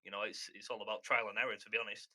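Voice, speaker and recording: A man's voice: lowish voice, level tone, rapid-fire, sharp tone, low-quality recording. A man chatting casually on a podcast in an earnest way, often restarting his words. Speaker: podcast guest caster.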